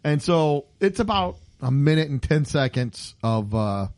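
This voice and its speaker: A man's voice: fairly high pitch, very animated, a little slow, darkish tone. A man in his fifties hosting a casual comedy podcast, telling stories animatedly and acting out the people in them. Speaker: podcast host.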